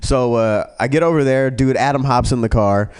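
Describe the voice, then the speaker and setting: A man's voice: medium pitch, normal speed, a little mellow, clear, resonant tone. A man telling a crude story on a comedy podcast, rambling with many ums and slipping into mimicked voices. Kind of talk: casual storytelling.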